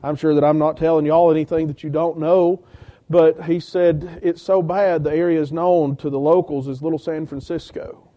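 A man's voice: fairly high pitch, steady tone, moderate pace, muffled recording. A man from Georgia, a preacher telling his church-planting story in a sermon, acting out quoted conversations. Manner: storytelling with many quoted exchanges, rising intensity when quoting others. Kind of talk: sermon testimony.

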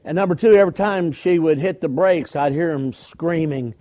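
Older man, preacher, folksy storytelling sermon, high voice, asks for amens. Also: moderate pace, mellow. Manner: folksy, conversational, calls for amens.

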